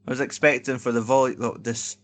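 A man's voice: mid-range voice, level tone, a little fast, a bit bright. A man co-hosting a casual podcast, blunt and sweary, teasing his friend. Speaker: podcast co-host. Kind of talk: casual chat.

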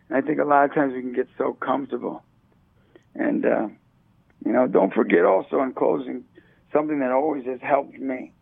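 Man, husky gravelly voice, excitable storyteller, phone-line sound, dry. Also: medium pitch, no echo. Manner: energetic, excitable, laughs while telling stories. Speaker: ministry leader, interview guest. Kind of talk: motivational storytelling.

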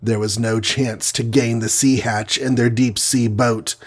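A man with a husky, mid-pitched voice narrating an action storybook. His reading is vivid and dramatic, leaning into each scene. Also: flat delivery, unhurried.

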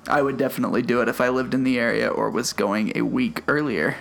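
A mid-pitched man with a gravelly edge co-hosts a podcast, agreeing readily and chatting along. Faint music hums underneath. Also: fast talker, a bit bright. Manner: agreeable, chatty, many short yeahs. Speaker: podcast co-host. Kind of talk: casual chat.

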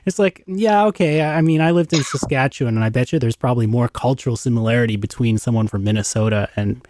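A man's voice: mid-range voice, fast, darkish tone. A man hosting a podcast, asking rambling, easygoing questions in casual chat. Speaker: podcast host.

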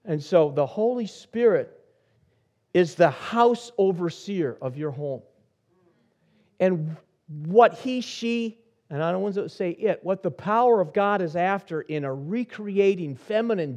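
A middle-aged man preaching a sermon as senior pastor, telling stories with soft asides that build to emphatic points. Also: sits high, expressive, a little slow. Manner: storytelling, shifting from soft asides to rising emphasis.

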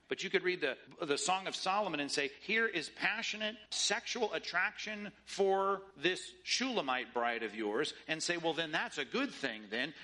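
Emphatic preacher with a bright voice. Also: male voice, a little high. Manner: emphatic, rhetorical, mimics opposing views in quoted voices. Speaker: pastor. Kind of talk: sermon.

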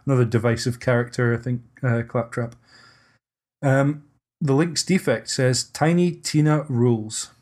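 A man's voice: mid-range voice, measured pace, darkish tone. A man hosting a casual podcast discussion, hesitant and often restarting his sentences. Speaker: podcast host.

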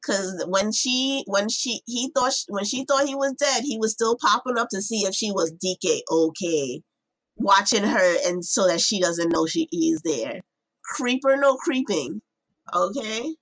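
A woman's voice: medium pitch, lively intonation, a little slow, a bit bright. A woman co-hosting a podcast in casual chat, ranting emphatically and slipping into mock voices. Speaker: podcast co-host.

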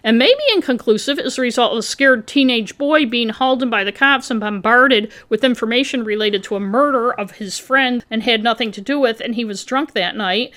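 A woman in her fifties with a bright, forceful, fairly high voice walks through a true-crime case. She reads her notes, then breaks off for wry, blunt asides that mock the police work. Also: brisk, few pauses. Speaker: podcast co-host. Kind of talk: reading a true-crime case aloud with commentary.

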